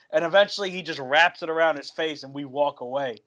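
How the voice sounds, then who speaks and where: A young man with a somewhat high voice chats casually on a podcast. He tells a long story with energy and acts out each person's lines as he goes. The talk is loose and conversational. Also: fast talker. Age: young adult. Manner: animated storyteller who acts out quoted dialogue. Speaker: podcast co-host telling a work story.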